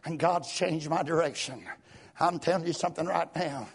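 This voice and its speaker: A man preaching a fervent sermon, talking in a rhythmic flow peppered with "uh" and "praise God" and rising to shouts at times. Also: on the high side, moderate pace, gravelly, slightly rough.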